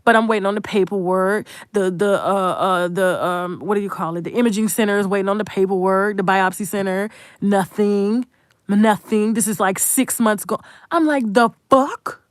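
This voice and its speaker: A woman's voice: medium pitch, fairly even intonation, moderate pace, dry recording, clean studio sound. A woman, hosting an unscripted commentary monologue in a blunt, profane, emphatic way and talking straight to viewers. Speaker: commentary channel host.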